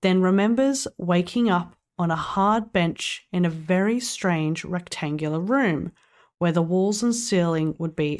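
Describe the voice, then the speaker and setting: A woman's voice: lowish voice, darkish tone. Aussie woman podcast host telling a story, chill, swears a bit. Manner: swears casually, laughs while telling the story. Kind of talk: casual storytelling chat.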